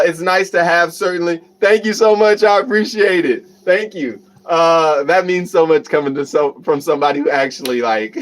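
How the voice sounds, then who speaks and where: A man hosting a casual livestream, giving motivational self-help advice and answering viewer comments. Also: on the high side. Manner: reads viewer comments aloud and laughs often; motivational, many fillers and restarts.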